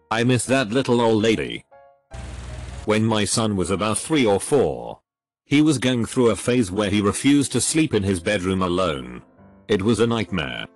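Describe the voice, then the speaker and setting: A man narrating a series of short online stories in a plain, even reading voice, with faint music behind. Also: on the low side. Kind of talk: reading online posts aloud.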